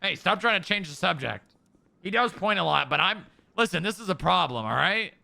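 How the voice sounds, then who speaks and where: A man's voice: high voice, animated, brisk, creaky, bright, forceful tone. A man streaming an in-character roleplay, questioning someone insistently and repeating himself. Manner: insistent, repetitive interrogating. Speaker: roleplay streamer playing an officer.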